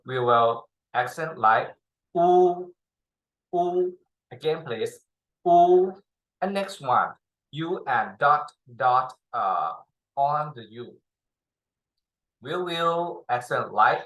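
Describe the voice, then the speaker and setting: A tutor drills pronunciation in a bright, forward voice, pacing each word very slowly. The English is halting and full of pauses, and each sound is modeled for learners to echo. The voice rings in an echoey room. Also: mid-range voice. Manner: models sounds, has learners repeat them. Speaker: Chinese tutor.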